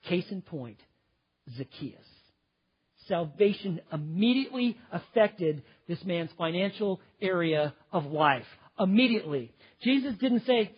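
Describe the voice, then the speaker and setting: A slightly high, husky male voice delivers a sermon, climbing to loud emphasis and dropping to near-hushed intensity. The recording sounds muffled and lo-fi. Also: animated, measured pace. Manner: dynamic preaching, swings between loud emphasis and quiet intensity. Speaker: pastor.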